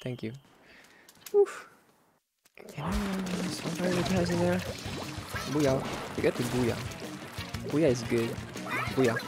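A man giving live gameplay commentary as a streamer, excitable and breaking into shouted outbursts. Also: on the high side, takes it slowly, long pauses. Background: loud game music.

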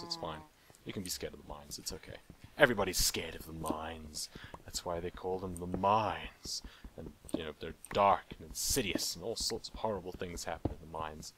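Young male let's-play host, low-ish voice with wide swings, jokey and rambling. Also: a bit bright, a little hiss or hum. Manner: playful rambling, jokes to the animals in the game. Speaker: gaming channel host.

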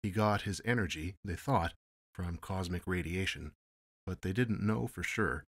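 A man narrating an audiobook in a measured, steady storytelling manner. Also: deep voice, breathy edge, no room sound, studio quality. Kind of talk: audiobook reading.

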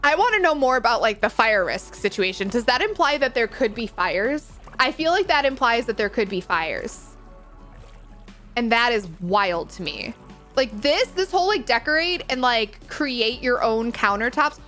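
Excitable high-voiced woman reacting. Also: normal speed, faint music behind. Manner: excitable, gushing, exclaiming. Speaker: gaming streamer. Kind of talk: live reaction commentary.

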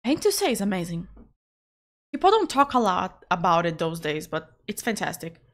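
A woman's voice: fairly low pitch, animated, normal speed. A woman chatting casually with her viewers while she draws, laughing often and repeating words for emphasis. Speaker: art streamer. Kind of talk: casual chat while drawing.

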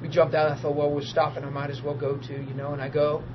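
A high-pitched man preaching in an animated storytelling way, acting out voices as he goes. The recording is dull and lo-fi, with a steady noisy hiss behind him. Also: fast talker. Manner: animated storyteller, acts out dialogue, laughs easily. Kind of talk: testimony-driven sermon.

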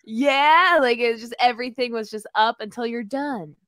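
A woman's voice: on the high side, steady tone, brisk, dry recording, studio quality. A woman with a Canadian accent co-hosting a podcast, explaining things in playful casual chat. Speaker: podcast co-host.

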